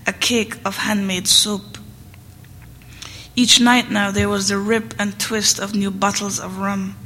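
A woman reading literary fiction aloud in a hall, measured and rhythmic. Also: mid-range voice, bright, forceful tone. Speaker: reader. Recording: long hall reverb, faint noise.

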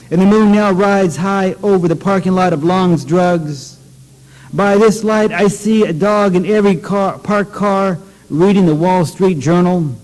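High-voiced man reading poems in a hall. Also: a little mellow. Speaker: poet. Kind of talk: poetry reading. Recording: long hall reverb.

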